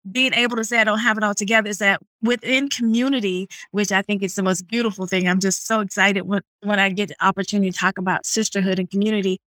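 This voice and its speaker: A woman's voice: medium pitch, steady tone, fast, few pauses, fairly bright tone, no echo. A woman hosting a faith podcast, responding with encouraging, faith-centered affirmations. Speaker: podcast host.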